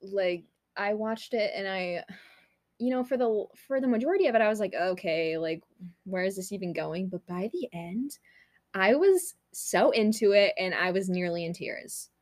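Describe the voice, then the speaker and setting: A woman's voice: mid-range voice, normal speed, dry recording. Casting: young female podcast co-host, rambling casual chat, dry close sound. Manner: chatty, rambling with many fillers and laughs.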